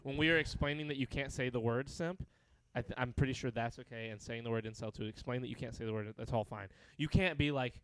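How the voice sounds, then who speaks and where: A young man chatting on a casual livestream podcast, his voice smooth and clear with a dry, close sound. He jokes around and rambles through long explanations in a relaxed, everyday tone. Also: mid-range voice, fast talker, few pauses, dry recording. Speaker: podcast co-host.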